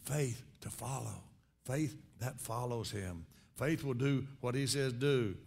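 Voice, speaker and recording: A man preaching a sermon as pastor, conversational, swinging between quiet reflection and loud emphatic rises. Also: takes it slowly, creaky, husky. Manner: conversational preaching with sudden rises in pitch and volume.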